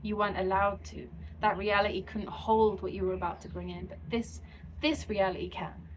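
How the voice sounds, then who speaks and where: A woman channeling a spiritual message to her viewers, speaking slowly and soothingly in repeated affirmations. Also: medium pitch, steady tone, slight background noise, low-quality recording. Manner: slow, soothing, repetitive affirmations.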